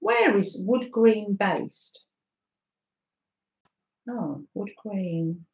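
Lively, slow-talking North London woman. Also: medium pitch. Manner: chatty, giggly, reads out viewer comments. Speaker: craft live-stream host. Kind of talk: casual live-stream chat with viewers. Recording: echoey room, slightly dull sound.

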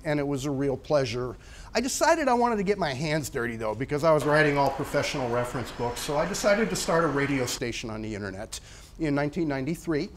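A man in his sixties giving a talk, telling stories in a relaxed, conversational way with frequent fillers. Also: on the high side. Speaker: guest speaker. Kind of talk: storytelling talk.

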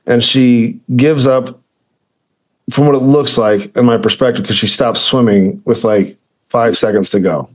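A man's voice: medium pitch, a little slow. A man co-hosting a podcast, talking in a casual, rambling way with lots of fillers and self-corrections. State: choked up with emotion. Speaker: podcast co-host. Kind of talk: casual chat.

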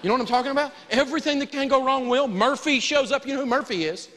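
A man teaching a live personal finance lesson in a folksy, animated way, prompting the audience to answer back. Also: extremely high pitch, fast talker, in a large hall, slight background noise.

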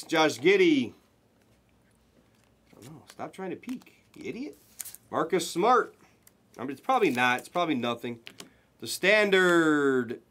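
A man hosting a live card break, calling out pulls to viewers with excited, hyped commentary and the odd swear. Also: on the high side.

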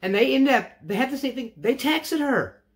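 A man's voice: very high voice, animated, moderate pace. A man telling a casual storytime to his vlog audience, rambling and correcting himself as he goes, wry and matter-of-fact. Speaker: vlogger.

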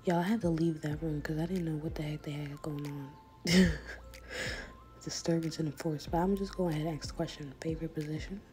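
A woman's voice: low-pitched, steady tone, fairly quick, mellow, faint music behind. A young woman vlogger giving casual, slangy commentary on a chat room, laughing often and sometimes dropping to a whisper.

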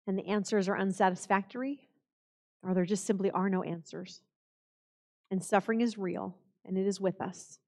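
A woman pastor delivers a sermon in a church sanctuary. She speaks slowly and solemnly, weaving in quoted scripture. Her voice sits at an ordinary middle pitch. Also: fairly even intonation, dark tone, long reverb tail.

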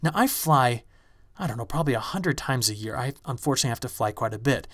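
A man giving a recorded online lecture, telling stories in a lively, animated way. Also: medium pitch, quick pace. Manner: lively storytelling, animated when excited. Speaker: university lecturer. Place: recording space in Champaign-Urbana.

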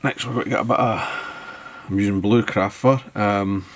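Scottish guy talking through tying a fly, deep voice, laid back, muttering as he goes. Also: steady tone, unhurried, noisy background. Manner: easygoing, thinking aloud as he works. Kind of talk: tutorial narration while working.

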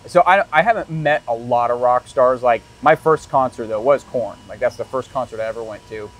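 A man interviewing a guest, telling anecdotes with animated impressions of the people in them. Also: mid-range voice, brisk, low-quality recording. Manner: animated anecdote teller, acts out voices. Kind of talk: casual interview chat.

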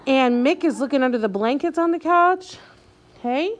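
During a reading lesson for little children, a woman teacher speaks in a high-pitched, expressive voice. She goes slowly and clearly, patiently lengthening each word.

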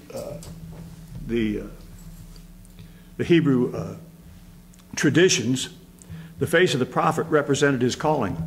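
A man's voice: mid-range voice, slight background noise, poor audio. A man with a Midwestern American accent preaching a sermon as pastor, emotional and rising to fervent emphasis.

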